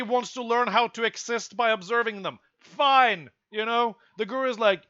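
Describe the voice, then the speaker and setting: A young man with a high, bright, sharp voice rants profanely to his stream chat, bursting out loud now and then. The sound is dry and close, with a dull, lo-fi quality. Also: normal speed, few pauses, no room sound. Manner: exasperated, profane ranting with sudden loud outbursts.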